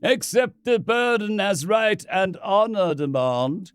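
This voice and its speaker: A solemn priest drawing out every word of an ancient rite, pitched above the reader's usual voice and rising and falling in wide sweeps. He is put on by a man narrating a storybook tale. The delivery is dry and close, with no room sound. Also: animated, smooth, no echo. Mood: solemn, ritual. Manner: slow, ceremonial intoning. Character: solemn chanting middle-aged male priest.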